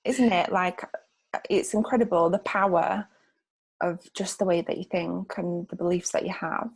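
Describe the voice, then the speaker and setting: A woman hosting a relaxed interview, talking with warm enthusiasm. Her voice has a gravelly edge and a husky, breathy tone. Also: on the low side, moderate pace. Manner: enthusiastic, agreeing, "like" fillers. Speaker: interview host. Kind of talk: casual conversation.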